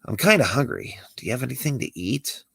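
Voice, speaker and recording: A man's voice: mid-range voice, sing-song, brisk, gravelly, a bit bright, breathy edge, no room sound, voice pushed up, heavily acted. Catman, a man reading a wary cat stowaway. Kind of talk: amateur script read-through.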